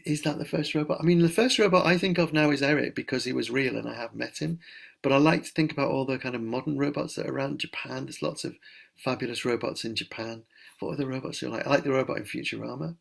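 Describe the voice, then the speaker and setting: Middle-aged male author for a home live Q&A, gravelly, rambling and keen. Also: medium pitch, brisk. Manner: chatty, enthusiastic, rambling. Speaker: children's author answering reader questions. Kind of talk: casual live Q&A. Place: at home during lockdown.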